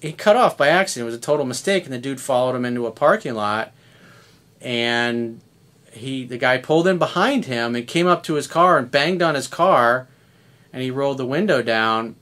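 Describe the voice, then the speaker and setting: A man's voice: mid-range voice, fairly bright tone. A man in his fifties, a dating coach talking through a video coaching monologue in a blunt, conversational way with casual swearing. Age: 50s.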